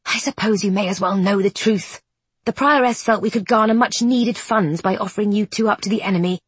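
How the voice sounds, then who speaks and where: A woman putting on a breathy brisk nun. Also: fairly high pitch, expressive, no echo, pitched above the performer's own voice. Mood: dry.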